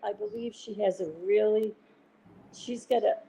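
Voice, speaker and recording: Host, woman, Boston accent, gravelly mellow voice, chatty, rambling storyteller, faint hiss in the background. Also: medium pitch, fairly even intonation, moderate pace, low-quality recording. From Massachusetts. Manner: chatty, rambling, retells conversations. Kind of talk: casual chat with viewers.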